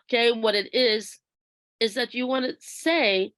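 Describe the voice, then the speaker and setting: A woman leading a workshop, explaining step by step in a measured way and acting out workplace examples. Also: fairly high pitch, fairly even intonation, a bit bright, dry recording. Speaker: workshop trainer. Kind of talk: instructional presentation.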